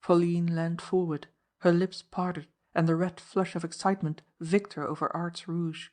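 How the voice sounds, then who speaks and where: Woman narrator, audiobook, steady measured reading, lowish voice. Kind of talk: scripted narration.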